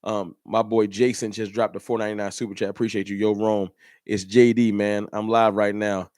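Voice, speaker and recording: A man's voice: on the low side, level tone, brisk, a little mellow, dry recording, studio quality. A man hosting a fan channel livestream, ranting in an emphatic, repetitive, slangy way. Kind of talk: livestream rant.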